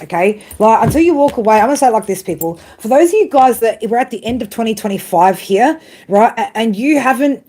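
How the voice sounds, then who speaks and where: A woman's voice: medium pitch, mellow, slight background noise. A woman giving a live tarot reading in a blunt, profane monologue, ending nearly every phrase with a tag question. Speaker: tarot reader.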